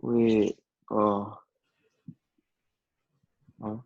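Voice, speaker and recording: A man's voice: lowish voice, level tone, drawn-out words, a little mellow, lo-fi sound. A man studying math, asking hesitant, stumbling questions during a tutoring session. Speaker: student.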